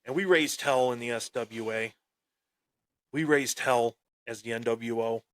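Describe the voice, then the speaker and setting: In his wrestling persona, a man hosting a wrestling podcast tells a boastful, taunting story with swagger and drama. His voice is medium-pitched and a bit bright, he speaks a little slowly, and the recording is dry.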